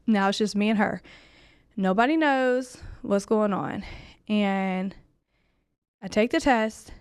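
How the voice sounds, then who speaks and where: A woman's voice: medium pitch, clear, resonant tone, no room sound, studio quality. A young adult woman candidly telling a heartfelt personal story, full of "like" fillers.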